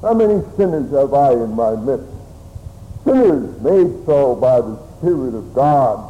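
A man preaching a sermon slowly and solemnly, with old-fashioned phrasing. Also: medium pitch, warm tone, lo-fi sound. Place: church. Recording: church hall reverb with faint room noise.

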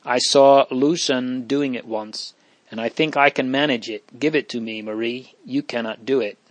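A man voicing an earnest, brave young noble boy in an audiobook, with gentle emphasis. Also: mid-range voice, fairly even intonation, moderate pace, no echo, close to an everyday voice. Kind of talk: audiobook reading.

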